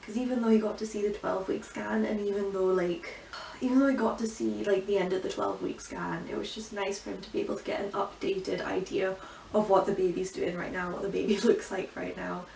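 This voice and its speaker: Chatty young woman with a gravelly edge. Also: medium pitch, fairly even intonation, fairly quick, a little mellow. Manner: chatty, emotional, many "like" fillers. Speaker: vlogger. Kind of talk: casual pregnancy update vlog. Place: bedroom at home. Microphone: camera from some distance. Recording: roomy, distant, faint hiss.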